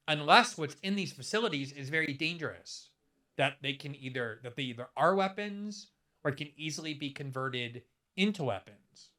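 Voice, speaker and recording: A man in his fifties talks straight through a commentary monologue, stressing words hard and stacking rhetorical questions. His voice is bright and forceful and sits a little high for a man. He keeps pressing one argument without letting up. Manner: emphatic, building rhetorical questions. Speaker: political commentator.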